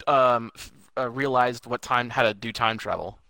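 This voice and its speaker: A man's voice: medium pitch, fairly even intonation, moderate pace, gravelly, bright, forceful tone, no room sound. A man co-hosting a casual movie review chat, chiming in with short quips and agreement. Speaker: podcast co-host.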